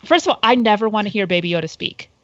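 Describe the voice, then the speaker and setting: A woman's voice: mid-range voice, expressive, quick pace, a bit bright, dry recording, highs cut off. A woman guesting on a casual podcast chat, candid and thoughtful.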